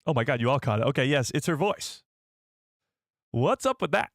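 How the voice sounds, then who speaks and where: Brief: excitable male streamer, rambling casual chat with viewers, very dry close sound. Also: medium pitch, moderate pace, no echo. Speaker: live stream host.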